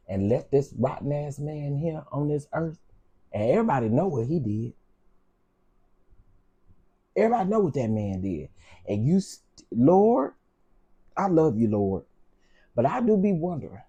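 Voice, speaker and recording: A man's voice: mid-range voice, warm tone, slightly rough. A man hosting his own channel, telling personal stories with frank, heated, preacher-like repetition. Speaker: channel host. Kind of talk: emotional storytime commentary.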